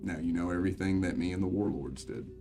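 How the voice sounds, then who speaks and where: A man voicing a blunt former woman warlord in a tabletop game, in a flat, resigned, lowered voice. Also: quick pace, over music.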